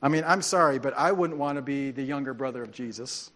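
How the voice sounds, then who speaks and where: A man preaching a sermon as a pastor, animated and joking, acting out quoted voices. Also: medium pitch, fast, big-room sound. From grew up on a farm.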